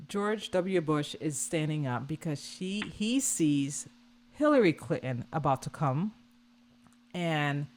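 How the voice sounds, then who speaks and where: A woman vlogger giving casual reaction commentary on a video, animated and scornful, repeating her points. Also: deep voice.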